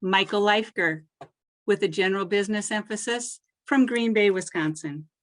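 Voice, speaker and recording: A woman reads graduate names at a virtual ceremony in a formal, measured voice. Each name rises a little, and each line settles down at its close. Her pitch sits in an ordinary middle range. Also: fairly bright tone. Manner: measured, lifts each name then drops at the end. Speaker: presenter reading graduate names.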